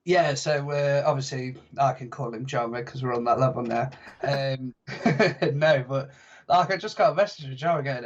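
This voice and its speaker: A man's voice: medium pitch, moderate pace, dull audio. A young man telling stories as a podcast guest, chatty and self-mocking. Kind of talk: casual podcast chat.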